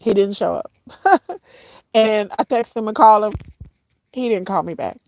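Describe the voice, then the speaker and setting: Her mid-range voice has a darkish tone as this vlogger, in tears, shares a painful story with her viewers. She hesitates, repeats herself, calls them "y'all," and her voice breaks at moments.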